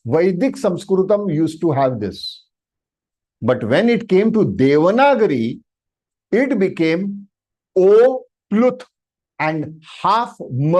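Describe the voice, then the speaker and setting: A man with an Indian English accent teaching an online language workshop, stretching out vowel sounds to demonstrate them and often pausing on "uh". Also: a little high, expressive, dark tone. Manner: demonstrative, drawn-out vowel sounds, frequent "uh" fillers. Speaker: Sanskrit teacher. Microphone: video call microphone.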